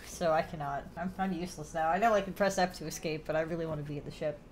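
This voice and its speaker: A woman streamer chatting casually while playing a game, lively and swearing freely. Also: low voice, fast talker, a crowd in the background. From New York area.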